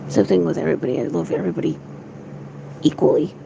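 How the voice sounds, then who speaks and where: A woman's voice: low-pitched, fast, background noise. A young woman streamer chatting casually to her viewers, rambling, giggly and swearing a lot. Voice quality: gravelly fry.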